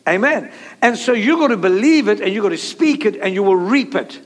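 A man's voice: high voice, animated, a little fast. A male pastor preaching a sermon, emphatic and repetitive, leading the congregation in call-and-response.

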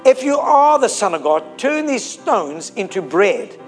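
A man preaching a sermon who quotes a sly, tempting male devil in a coaxing, high voice. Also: sing-song, measured pace, soft background music.

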